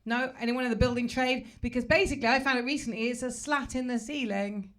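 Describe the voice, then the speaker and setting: A woman's voice: fairly high pitch, steady tone, fast, a bit bright. Chatty English woman doing stand-up. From England. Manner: chatty, self-mocking, talks with the crowd. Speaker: stand-up comedian. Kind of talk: stand-up comedy set. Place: comedy club stage.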